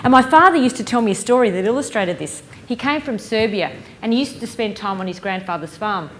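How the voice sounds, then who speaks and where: A woman giving a lively conference keynote, engaging the audience with stories and questions. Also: medium pitch, fairly quick, a little hiss or hum. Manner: lively, playful storyteller who engages the audience. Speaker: keynote speaker. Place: conference hall stage.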